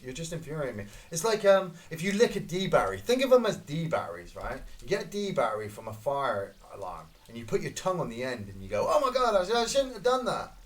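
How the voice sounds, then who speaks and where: A Scottish man giving casual, excitable gameplay commentary, swearing and reacting loudly to each kill. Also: on the high side. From Scotland. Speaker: gaming streamer.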